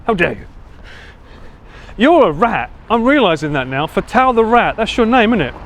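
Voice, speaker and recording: Essex man, IRL streamer, high animated voice, playful teasing banter, faint street noise behind. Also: moderate pace. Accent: Essex English. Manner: lively, laughing, teasing banter with swearing. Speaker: IRL livestreamer. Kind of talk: casual chat with viewers. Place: outdoors walking city streets.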